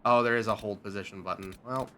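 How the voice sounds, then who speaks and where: A man's voice: fairly low pitch, quick pace, noisy background. A man streaming a game live, joking, swearing and muttering to himself as he plays. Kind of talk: live gameplay commentary.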